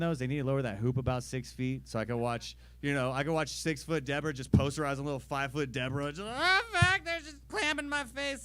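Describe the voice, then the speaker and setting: A man's voice: mid-range voice, clear, resonant tone. Crude young man doing stand-up. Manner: crude, deadpan storytelling with acted-out voices. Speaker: stand-up comedian. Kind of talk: stand-up comedy set.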